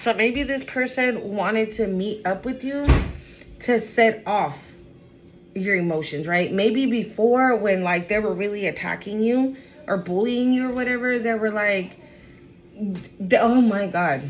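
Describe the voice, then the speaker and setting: Over a low-quality recording, a tarot reader with a mid-range voice works through a spiritual card reading at a slightly slow pace. She's emphatic, circles back to the same phrases, and talks to her viewers as y'all.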